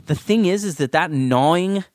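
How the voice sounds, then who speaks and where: A man hosting a podcast in casual chat, talking in an animated, excitable way that jumps up in pitch when he makes a point. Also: moderate pace, no room sound, studio quality. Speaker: podcast host.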